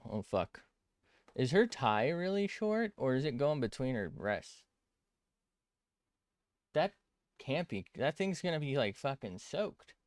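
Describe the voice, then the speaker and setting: A man's voice: medium pitch, no room sound, clean studio sound. A man chatting casually as an art streamer while drawing on a tablet, rambling, cutting himself off mid-sentence and swearing freely.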